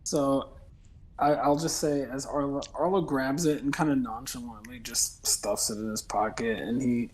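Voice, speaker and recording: A woman's voice: very deep voice, fairly even intonation, normal speed, darkish tone, low-quality recording. A woman playing in a tabletop game, speaking in a laid-back, offhand way. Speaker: player. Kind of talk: casual tabletop role-play.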